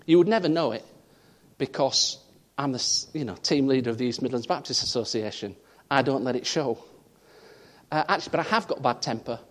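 A man from the north of England preaching a sermon and telling a personal story, his voice swinging from loud, high emphasis down to quiet asides. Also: fairly quick. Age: 30s. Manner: animated storytelling, voice rising and dropping for emphasis. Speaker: pastor.

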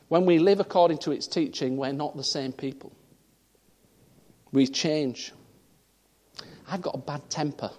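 A man from the north of England preaching a sermon and telling a personal story, his voice swinging from loud, high emphasis down to quiet asides. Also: a little slow, long pauses. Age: 30s. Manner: animated storytelling, voice rising and dropping for emphasis. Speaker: pastor.

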